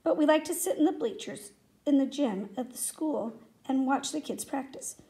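A woman reading a children's story aloud in a steady, expressive way. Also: high voice, moderate pace. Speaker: reader.

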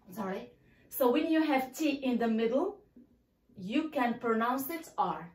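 Woman teacher, bright high voice, very animated, roomy echo. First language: Arabic. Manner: slow, stressed model pronunciations of words. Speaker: English teacher. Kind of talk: bilingual language lesson.

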